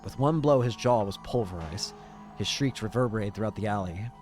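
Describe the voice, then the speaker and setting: A man's voice: lowish voice, a little mellow, soft background music. A young man playing a visual novel, reading its narration aloud and reacting casually. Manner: casual, reacting with quick exclamations. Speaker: game streamer.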